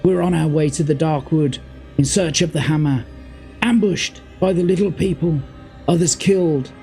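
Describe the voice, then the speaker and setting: A wounded old dwarf warrior, pitched well up into a strained, high register. He raves in frantic, delirious bursts with a Birmingham accent, like a wounded fighter calling out warnings from a storybook adventure game. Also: normal speed, vocal fry, warm tone, faint music behind. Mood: weak pleading.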